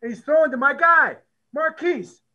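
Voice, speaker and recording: A man's voice: extremely high pitch, moderate pace, muffled recording. A middle-aged man, a head football coach, telling a story with energy, acting out quotes and laughing often. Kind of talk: storytelling at a conference talk.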